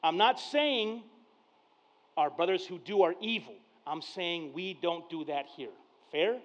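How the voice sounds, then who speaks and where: A pastor preaching a sermon to his church, telling family stories in a casual, conversational way and acting out the dialogue, dropping to a hush and then getting loud. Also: high-pitched, a little slow. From Mexican heritage. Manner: conversational storyteller, acts out dialogue, swings from hushed to loud. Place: church service. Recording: dull lo-fi sound.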